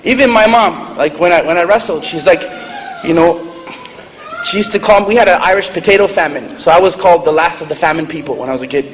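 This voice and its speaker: A man telling funny stories to an audience in a lively, joking manner. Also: on the high side, quick pace. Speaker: speaker at a public event. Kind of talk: humorous storytelling talk. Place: large hall with audience. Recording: echoey hall, faint noise.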